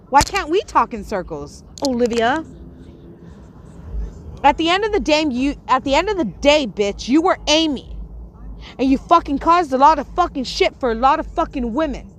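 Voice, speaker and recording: A Puerto Rican woman hosts a livestream, delivering an angry, profane rant that's confrontational and scolding. Her voice is high-pitched, with a little hiss or hum in the audio.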